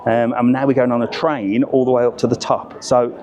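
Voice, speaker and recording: A man's voice: mid-range voice, level tone, brisk, a little mellow, lo-fi sound, a little hiss or hum. A middle-aged man, vlogging his trip in a chatty, blunt way and swearing when annoyed. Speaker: travel vlogger. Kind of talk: casual travel vlog. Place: crowded alpine train station and train. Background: crowd chatter.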